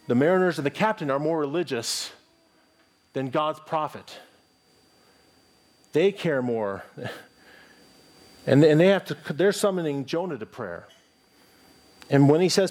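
A man's voice: medium pitch, animated, normal speed, pauses often. A middle-aged pastor delivers a sermon in an earnest, conversational voice. He reads scripture aloud and restarts his phrases as he thinks aloud.

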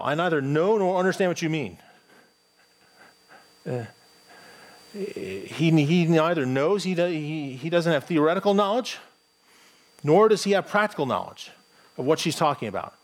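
A man with a plain American accent, a pastor preaching a morning sermon in a conversational, thinking-aloud way with frequent restarts. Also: medium pitch. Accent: General American.

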